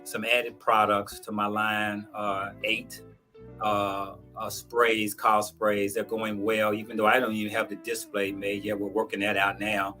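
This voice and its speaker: A man's voice: on the low side, monotone, a little slow, sharp tone, soft background music. A man chatting on a casual online talk show, upbeat with hesitant fillers.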